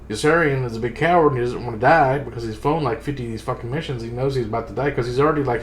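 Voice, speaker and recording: A man in a casual book club chat, retelling scenes in a rambling, profane, exasperated way. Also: medium pitch. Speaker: streamer reviewing a book. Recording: roomy sound with faint ambient noise.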